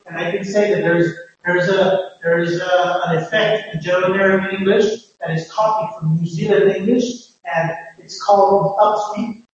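A man giving a phonetics lecture in a halting, explanatory way, often restarting his sentences. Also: sits high, steady tone. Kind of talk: classroom lecture. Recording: echoey lecture hall, distant dull mic.

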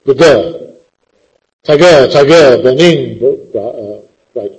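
A man's voice: mid-range voice, lively intonation, slow pace, a little mellow, slightly rough, rough recording. A man teaching a poetry class, quizzing the students with a teasing, theatrical, impatient manner.

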